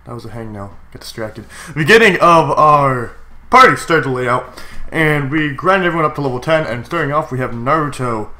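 A young man with a stuffy, congested cold voice gives chatty, excitable commentary while playing a game, with sudden yelps. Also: mid-range voice, normal speed. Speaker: gaming YouTuber. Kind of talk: casual Let's Play commentary.

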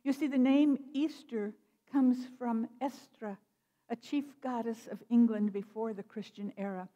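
A woman minister giving a sermon, speaking in a measured, expressive storytelling manner. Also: fairly high pitch, lo-fi sound. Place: church sanctuary. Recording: long reverb of a church hall.

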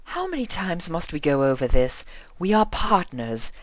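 A man's voice: on the high side, sing-song, dry recording, voice pushed up. A man voicing a haughty, refined female unicorn fashion designer in a posh, theatrical manner, in an audiobook reading. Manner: posh, theatrical, drawn-out vowels.

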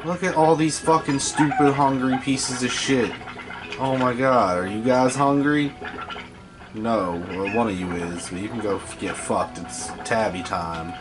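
A man's voice: medium pitch, measured pace, noisy background. A man giving profane, scolding commentary while playing a video game. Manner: foul-mouthed, scolding the game creatures. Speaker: gameplay host.

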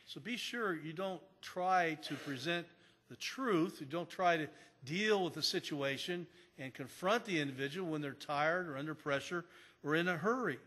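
At a moderate pace, a male pastor with a fairly high, fairly bright voice preaches a sermon. He tells stories in a conversational manner, frequently restarting, and the church sanctuary adds long hall reverb.

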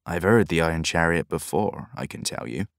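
A man voicing a tired old grey-haired fisherman who speaks in a slow, soft mutter, in an audiobook. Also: low-pitched, creaky, no room sound, studio quality. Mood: weary.

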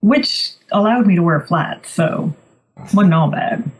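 A woman's voice: fairly low pitch, expressive, takes it slowly, rough recording. A woman co-hosting a podcast, telling stories in a chatty, wry, casual way. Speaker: podcast co-host. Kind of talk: casual chat.

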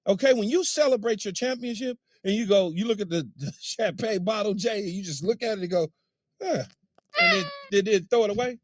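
A man's voice: high-pitched, quick pace, hardly any pauses, noisy background. A man co-hosting a sports talk show, insistent and defensive as he argues his view. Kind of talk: heated studio debate.

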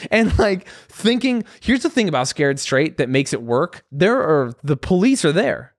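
A young adult man, a guest comedian, telling a story in casual chat, animated and swearing freely as he acts out voices. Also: fairly high pitch, normal speed, few pauses, dry recording, studio quality.

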